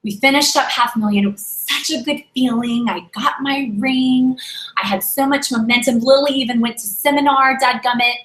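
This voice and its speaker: A woman's voice: high voice, normal speed. A woman giving a motivational talk to her sales team, telling a story animatedly and acting out the dialogue. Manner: animated, acts out dialogue, exhorting. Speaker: direct sales leader. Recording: roomy echo.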